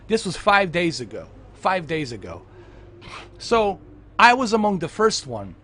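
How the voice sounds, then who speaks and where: A man's voice: high voice, very animated, unhurried, sharp tone. A man chatting casually while gaming, rambling with lots of fillers and restarts. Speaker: gaming vlogger.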